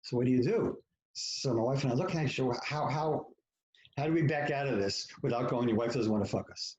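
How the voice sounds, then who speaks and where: A man's voice: mid-range voice, fairly quick, a little mellow. Frank storytelling man in an echoey room. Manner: frank, profane, self-mocking, acts out quoted lines. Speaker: podcast guest, author. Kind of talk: candid storytelling in conversation.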